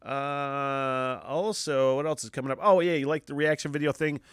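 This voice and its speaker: A man's voice: mid-range voice, fairly even intonation, normal speed, a bit bright, clear, resonant tone, no echo, studio quality. A man hosting a casual solo podcast, ranting, swearing and laughing as he talks. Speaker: podcast host.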